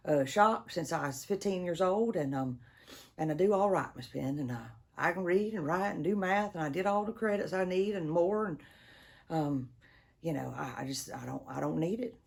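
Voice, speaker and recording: Give me a quiet, unhurried, polite teenage boy, put on by a woman telling a story. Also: lowish voice, gravelly, husky. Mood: matter-of-fact. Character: polite laid-back teenage boy student, soft-spoken.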